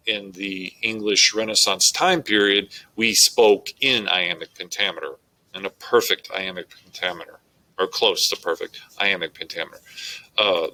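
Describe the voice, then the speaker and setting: A man's voice: low-pitched, sharp tone, poor audio. A male English teacher giving a methodical, explanatory recorded lecture on poetry.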